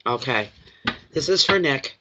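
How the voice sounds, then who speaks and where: A man on a live stream reads tarot cards, chatting and rambling emotionally despite a runny nose from a cold. His mid-range voice has lively intonation and a sharp tone, a little slow, over slight background noise in dull lo-fi stream audio.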